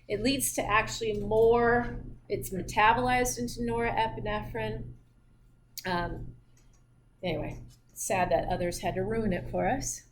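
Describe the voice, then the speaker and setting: A woman's voice: medium pitch, steady tone, measured pace, a little hiss or hum. A woman instructor giving a recorded physiology lecture in a chatty way, with jokey asides and laughter at her own slips.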